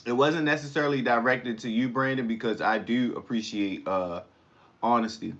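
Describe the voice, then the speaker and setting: A man's voice: medium pitch, steady tone, moderate pace, fairly bright tone, muffled recording. A man hosting a casual live stream, eating while he talks back to comments in a rambling, blunt way. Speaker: livestream host.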